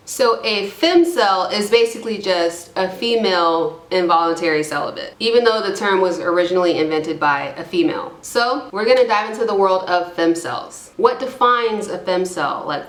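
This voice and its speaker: A woman with a lowish voice, heard in an echoey room, reads forum posts aloud as a YouTube commentator. Her commentary is casual and irreverent, full of rambling, self-deprecating asides.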